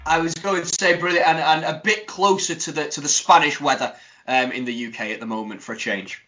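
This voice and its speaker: A man hosting a podcast, chatting casually with jokey, animated banter. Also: a little high, a little fast. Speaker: podcast host. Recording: dull lo-fi sound.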